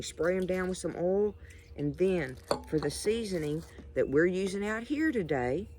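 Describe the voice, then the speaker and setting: A woman's voice: low voice, a little mellow, a little hiss or hum. A woman hosting a casual cooking demonstration, chatty and folksy, talking straight to her viewers outdoors at night. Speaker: cooking show host.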